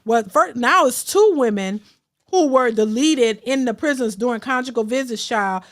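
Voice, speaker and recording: Speaking casually to her viewers, a middle-aged woman running a reaction livestream thanks people for super chats as they come in. Her voice is a little high for a woman and her pace is moderate. Outspoken and blunt, she frequently stumbles, restarts, and repeats herself.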